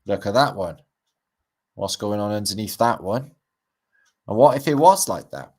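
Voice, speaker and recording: A man's voice: on the low side, lively intonation, normal speed, darkish tone, husky. A middle-aged Welsh man hosting a livestream, rambling casually over pictures with wry asides and casual swearing. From Wales. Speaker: livestream host.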